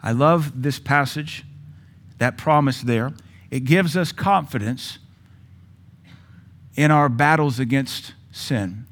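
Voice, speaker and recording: A middle-aged male pastor preaching a sermon, with forceful rises in volume and sudden quiet drops. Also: mid-range voice, takes it slowly, long pauses.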